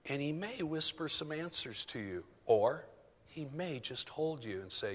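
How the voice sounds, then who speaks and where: A man preaches a sermon in a bright, forceful voice, telling his story and then building to emphatic declarations. His words ring with long reverb through a church hall. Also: mid-range voice, expressive, normal speed.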